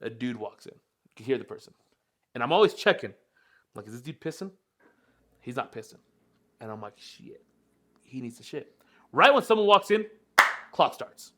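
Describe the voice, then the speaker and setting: A man's voice: medium pitch, sing-song, moderate pace, pauses often, a bit bright. A young man in casual podcast chat, telling a rambling story with plenty of swearing.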